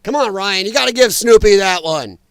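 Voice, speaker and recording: A man hosting a live talk stream, chatting casually and bluntly as he reads and answers viewer comments, animated and quick to laugh. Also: high voice, clean tone, dry recording, studio quality. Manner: animated, blunt and opinionated, laughs and talks back to chat. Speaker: livestream talk show host.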